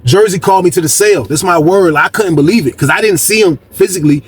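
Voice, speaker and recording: A man casually telling a story from jail life, animated and slangy, repeating words for emphasis. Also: high voice, quick pace, a little hiss or hum.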